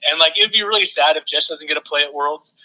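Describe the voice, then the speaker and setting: A man's voice: fairly high pitch, fast, pushed and bright, slight background noise, low-quality recording. A man phoned in as a guest player, joking and trash-talking in casual chat.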